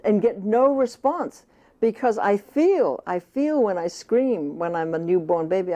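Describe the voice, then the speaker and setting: Woman, author interview, mellow warm tone, emphatic, repeats phrases. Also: medium pitch. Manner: emphatic, repeats phrases for stress, speaks as a baby in first person. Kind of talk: earnest interview answers.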